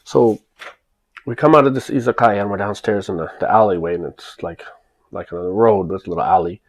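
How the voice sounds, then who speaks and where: Gravelly low-voiced American man. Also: a little fast. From United States. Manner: emphatic, rambling with many restarts. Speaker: vlogger recounting his life in Japan. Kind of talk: casual personal storytelling.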